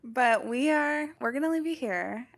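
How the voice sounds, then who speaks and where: Creaky-voiced young woman co-hosting a podcast. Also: high voice, lively intonation. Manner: candid, laughs often, drawn-out "like" fillers. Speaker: podcast co-host. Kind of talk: casual chat.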